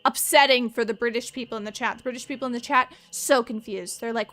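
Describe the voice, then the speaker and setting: Chatty woman streamer, slightly high voice. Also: fairly even intonation, fast, few pauses, a bit bright. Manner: chatty, rambling asides to chat. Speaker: streamer playing a mystery game. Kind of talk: casual let's-play chat.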